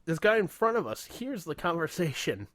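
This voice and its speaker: A man's voice: a little high, sing-song, normal speed, a bit bright, dry recording, clean studio sound. A man hosting a casual radio chat, telling stories with lots of swearing and laughter. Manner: laughs often, swears, retells stories in quoted voices. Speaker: radio show host.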